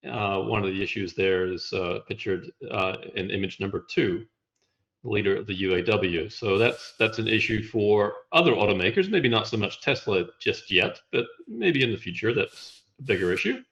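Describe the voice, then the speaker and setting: Low-voiced man explaining slides, lo-fi. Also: fairly bright tone. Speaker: guest presenting slides. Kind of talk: casual conversational explanation.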